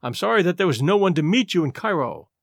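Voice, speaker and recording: A man's voice: high voice, big pitch swings, quick pace, creaky, no echo, studio quality, full character voice. A man playing a grave gray-bearded archaeologist. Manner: grave, formal.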